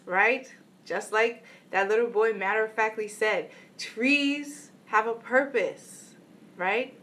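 A woman's voice: on the high side, a bit bright. Earnest woman telling a motivational story. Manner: earnest, storytelling, repeated "right?" asides. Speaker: inspirational vlogger. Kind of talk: motivational talk to camera.

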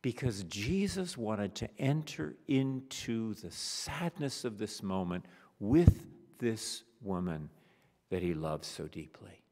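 A man delivering a funeral sermon as pastor, expressive, sometimes dropping to a hushed near-whisper. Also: fairly low pitch, slow. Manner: expressive preaching, drops to a hushed near-whisper on solemn words. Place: church sanctuary. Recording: long church reverb.

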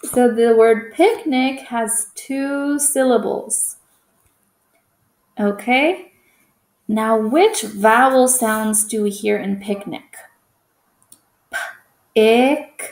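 A woman's voice: on the high side, takes it slowly, darkish tone, roomy sound. A woman teaching a phonics lesson to young children, patient and encouraging, stretching out each vowel sound.

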